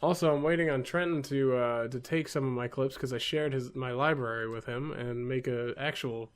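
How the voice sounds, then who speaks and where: A man's voice: mid-range voice, moderate pace, clean tone. A young man hosting a podcast in casual chat, talking in loose, rambling sentences and swearing often. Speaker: podcast host.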